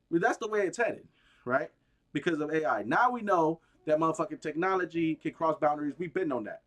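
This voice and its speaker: A man's voice: on the high side, fairly bright tone. A man on a gaming stream ranting about politics, heated, profane and rambling.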